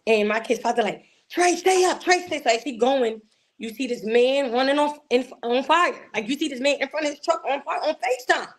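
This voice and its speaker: Philly woman telling her story, kinda high voice, acts out everybody she quotes. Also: a little fast. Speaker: guest. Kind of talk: emotional personal storytelling.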